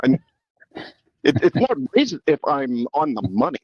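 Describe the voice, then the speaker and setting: A male podcast host tells a story in a loose, rambling way and keeps restarting his sentences. His voice sits in a middle pitch range. The recording is dry and a little dull. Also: lively intonation, fairly quick, no echo. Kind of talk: casual chat, storytelling.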